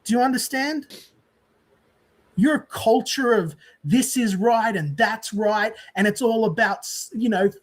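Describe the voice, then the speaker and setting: A man's voice: high-pitched, a little slow. A man ranting on a stream clip, contemptuous, profane and boastful. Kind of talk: ranting on a livestream.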